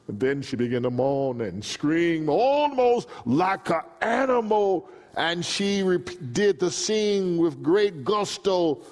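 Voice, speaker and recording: A male preacher telling a story in a dramatic sermon, swinging from hushed to shouting. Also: fairly high pitch, expressive, slow, few pauses. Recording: long reverb in a large hall.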